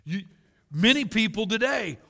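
A man's voice: sits high, expressive, unhurried, creaky, bright, forceful tone, in a large hall. A man preaching a sermon as pastor, earnest, building emphasis and joking asides to the congregation.

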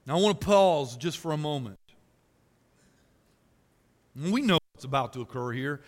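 Pastor, male, high bright voice, folksy and emphatic, big church reverb. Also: animated, normal speed. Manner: folksy storytelling preacher, rises to loud emphasis. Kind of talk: sermon. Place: church sanctuary. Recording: reverberant hall.

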